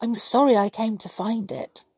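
A woman's voice: on the high side, moderate pace, a little mellow, slightly rough, no room sound, studio quality. A woman voicing a timid little male gnome in a storybook reading, with an anxious, pleading manner.

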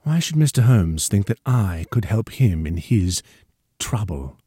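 A man voicing a self-satisfied scientist who speaks slowly and deliberately with a pleasant, quietly menacing manner. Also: lowish voice, big pitch swings, slightly rough, no echo, clean studio sound, heavily acted. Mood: pleased. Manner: slow, deliberate, pleasant on the surface.

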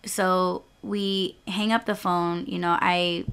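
A woman's voice: on the low side, flat delivery, slow pace, gravelly, a bit bright, smooth. A young woman hosting her own podcast, telling a personal story in a casual, chatty way, swearing freely and leaning hard on "like" and "you know". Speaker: podcast host.

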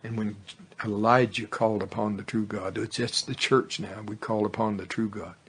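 A man preaching a fervent sermon that builds to loud exclamations, then leads a prayer. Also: fairly low pitch, level tone, normal speed, slightly rough. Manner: fervent, rising to exclamations, tongues.

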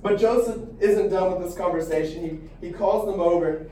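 A young man teaches a Bible class, telling the story with animated asides and little restarts. His voice sits high but mellow in tone. He sounds distant from the mic in a very echoey room. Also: normal speed, slight background noise.

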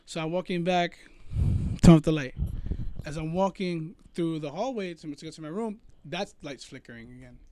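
A man in casual chat, telling a spooky story in an animated way, swearing freely and calling his friend "bro". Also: a little high, normal speed, slight background noise. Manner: animated, swears a lot, says "bro" often.

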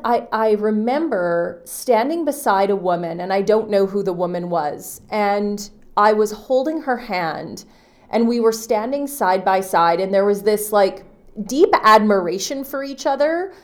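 A woman's voice: medium pitch, animated, a little slow. Earnest woman sharing a personal story. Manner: earnest and heartfelt, with frequent "you know" and restarts. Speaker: podcast host. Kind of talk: personal reflective monologue.

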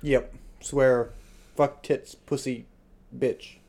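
A man's voice: mid-range voice, little pitch movement, drawn-out words, creaky, a little mellow. A man co-hosting a casual podcast, laid-back and agreeable, mostly giving short replies. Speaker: podcast co-host.

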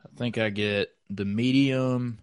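A man's voice: mid-range voice, steady tone, measured pace, clean tone, no echo, clean studio sound. A man hosting a casual chat from home over a video call, rambling and hesitant, with many fillers. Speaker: host.

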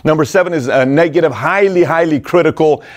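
Energetic man hosting a talk show. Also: a little high, brisk. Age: middle-aged. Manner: energetic, acts out quoted parents in raised voices. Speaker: host. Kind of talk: casual direct-to-camera talk.

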